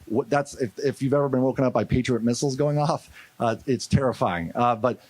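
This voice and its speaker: Speaking a little fast at medium pitch, with no echo, a man from St. Louis gives a storytelling keynote at a conference. He's animated, bringing the story to life by acting out the people's quotes.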